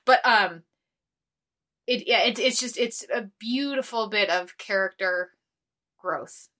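A woman's voice: mid-range voice, slow pace, sharp tone. A woman co-hosting a podcast in casual chat, rambling and earnest with lots of fillers and restarts. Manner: earnest, easily moved. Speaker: podcast co-host.

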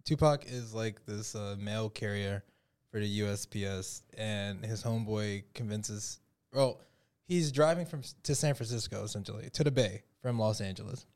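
A man's voice: lowish voice, normal speed, a little mellow. A man chatting casually as a podcast guest, rambling through a story with lots of fillers and restarts. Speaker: guest musician.

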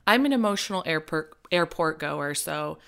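Woman, from Nebraska, podcast co-host, bright voice, enthusiastic, expressive, casual chat. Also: sits low, normal speed, gravelly. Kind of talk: casual chat, movie review.

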